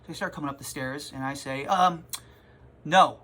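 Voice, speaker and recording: A man who runs a comic shop, telling a rambling, animated story in a casual vlog from his store. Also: medium pitch, fast. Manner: rambling, animated, self-interrupting.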